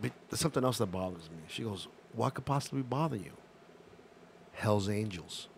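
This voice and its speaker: A man's voice: mid-range voice, fast talker, vocal fry, very noisy. A man co-hosting a casual chat show, telling a story and acting out the voices of the people in it. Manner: animated, acts out quoted voices. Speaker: podcast co-host.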